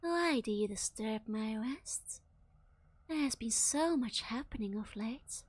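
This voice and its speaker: A woman voicing a sultry, bored talking skull in a slow, languorous whisper, as a whispered role-play. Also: on the high side, animated, dry recording. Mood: languid.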